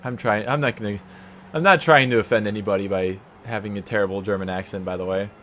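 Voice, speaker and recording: A man's voice: lowish voice, fast talker, a bit bright, slight background noise. A man giving casual, rambling, self-mocking commentary while playing a racing game from home. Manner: rambling, self-mocking, sings silly stutters. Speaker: let's play gamer.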